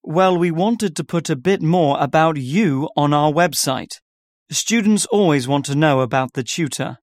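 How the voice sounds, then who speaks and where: A man's voice: fairly high pitch, a little slow, no room sound, clean studio sound. A man as an organizer in a scripted listening-test dialogue, repeating details back carefully. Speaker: workshop organizer.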